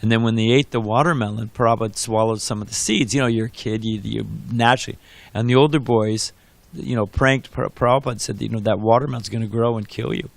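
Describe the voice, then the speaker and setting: A man's voice: lowish voice, steady tone, fast talker, vocal fry, dry recording. A man giving a devotional class and telling anecdotes in a conversational, rambling way. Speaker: class speaker.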